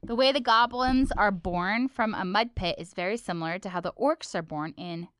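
A woman's voice: mid-range voice, moderate pace, clear, resonant tone, no room sound, studio quality. A woman co-hosting a podcast, chatting casually and playfully about a cartoon episode. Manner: playful, teasing, animated. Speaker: podcast co-host.

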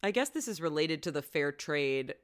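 A woman's voice: low-pitched, animated, normal speed. A woman co-hosting a casual chat podcast, playful and teasing, laughing often. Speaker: podcast co-host.

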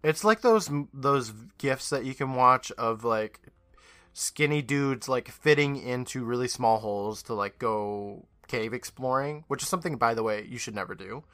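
A man's voice: mid-range voice, lively intonation, moderate pace, a bit bright, no echo. A man co-hosting a podcast, chatting in a laid-back, joking way and swearing casually. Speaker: podcast co-host. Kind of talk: casual chat.

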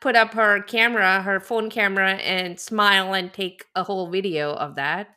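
A woman co-hosting a podcast in loose, opinionated chat. Her voice is bright, and she laughs easily as she dissects the latest episode. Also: mid-range voice, normal speed. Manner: animated, opinionated, laughs often. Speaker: podcast co-host. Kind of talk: casual chat about reality TV.

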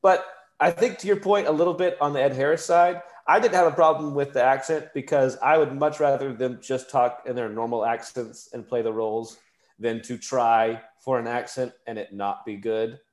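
A man's voice: medium pitch, fairly even intonation, moderate pace. Man explaining his view in a roomy echo. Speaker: podcast co-host. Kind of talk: casual movie discussion.

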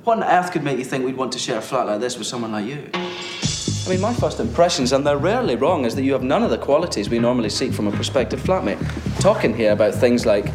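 An actor playing a snide young man who cuttingly mocks a would-be flatmate in a film scene. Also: mid-range voice, fast, reverberant, over music, close to an everyday voice. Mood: sneering. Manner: cutting, mocking, superior. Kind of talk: film dialogue.

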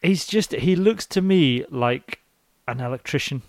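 A man's voice: fairly high pitch, lively intonation, measured pace, gravelly, no room sound. Man, podcast host, casual rambling chat, dry close sound, stop-start delivery.

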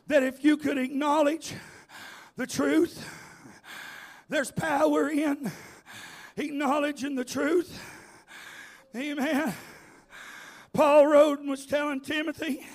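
A man preaching a revival sermon, chanting repeated phrases and shouting to the congregation. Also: very high voice.

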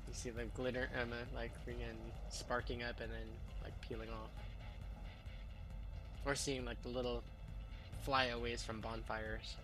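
A man's voice: mid-range voice, flat delivery, measured pace, long pauses, over music. A man narrating as game master of a tabletop game in a rambling way, full of fillers and restarts.

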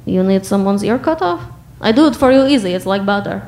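Woman doing a middle-aged Russian immigrant dad, hot-headed, blunt broken English, slightly lower and rougher than her own voice. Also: lively intonation, fairly quick, darkish tone, a little hiss or hum. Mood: offhand.

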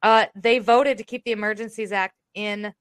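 A Texan woman hosting a live stream, talking loud and brash, swearing freely in casual chat. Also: mid-range voice, steady tone, normal speed. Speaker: live show host.

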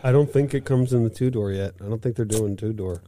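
A man's voice: on the low side, brisk, warm tone, a little hiss or hum. A man co-hosting a casual car-news podcast, reading out news items and making playful asides. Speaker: podcast co-host.

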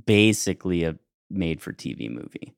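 Man, low voice, dry sound, casual podcast storyteller, rambling and animated. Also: normal speed, creaky, no echo. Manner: rambling, animated anecdote with laughs. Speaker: podcast co-host.

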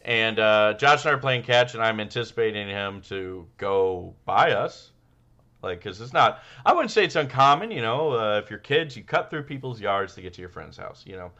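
A man's voice: lowish voice, normal speed, dull audio. A man co-hosting a casual comedy podcast, telling stories and acting out the quotes. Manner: animated storyteller, acts out quotes. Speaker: podcast co-host.

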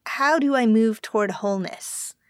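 A woman hosting a podcast, speaking in a gentle, measured and thoughtful way. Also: fairly high pitch, clean tone, dry recording, studio quality. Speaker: podcast host. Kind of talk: calm reflective conversation.

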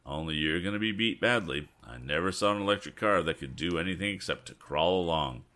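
A man voicing a boastful, taunting middle-aged male driver in a storybook reading, in a deep voice close to his own. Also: animated, a little fast, bright, forceful tone.

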